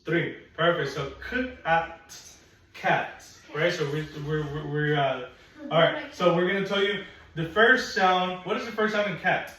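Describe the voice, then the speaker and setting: A man teaching phonics one on one, patient and encouraging, slowly repeating sounds for a young learner in a classroom. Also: on the high side, fairly even intonation, bright, forceful tone. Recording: echoey room, mic at a distance.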